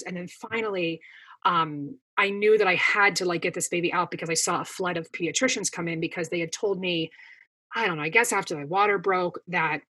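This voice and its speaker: A woman's voice: on the low side, pushed and bright, breathy edge. A woman in her thirties, a podcast guest, telling a long story in casual chat with plenty of fillers. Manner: chatty storytelling with many fillers.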